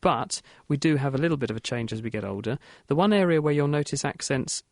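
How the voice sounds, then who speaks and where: A man hosting a radio science show, explaining answers in a brisk, plain-spoken way. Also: medium pitch, expressive, no echo, clean studio sound. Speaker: host.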